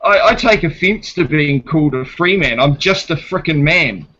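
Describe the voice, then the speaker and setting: A man's voice: fairly high pitch, lively intonation, normal speed, bright, forceful tone, lo-fi sound. A man with a New Zealand accent talking in a casual debate, blunt and swearing, retelling a police stop and playing both sides of it. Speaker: guest.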